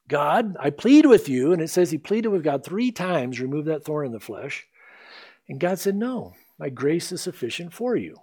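A man preaching a sermon with a slightly high voice that leaps around in pitch. He talks emphatically and slows down to stress the scripture he reads. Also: darkish tone, breathy edge. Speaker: pastor.

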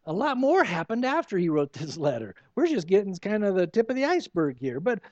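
A man pastor preaching an expository sermon, animated, with rhetorical questions. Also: sits high, fairly quick, no echo, muffled recording.

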